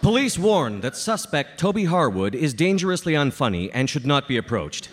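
A man reading a parody comedy newscast in a deadpan anchor delivery. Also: on the high side, normal speed, noisy background. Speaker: mock news anchor.

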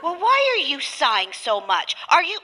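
A woman's voice: high voice, wildly swooping pitch, normal speed, sharp tone, long reverb tail, full character voice. A woman playing a nagging, anxious mother in a comedy sketch, fretful and dramatic. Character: fussy, meddling middle-aged mother, anxious. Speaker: mother calling her son.

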